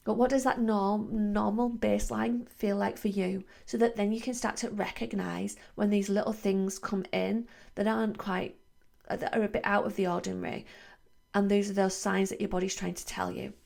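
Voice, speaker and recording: A woman in her forties talks through a wellbeing podcast in a loose, reflective monologue. Her mid-pitched voice has a gravelly fry, and she circles back with fillers and restarts. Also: steady tone, moderate pace, darkish tone. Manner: chatty, many fillers and restarts. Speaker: podcast host, wellbeing coach.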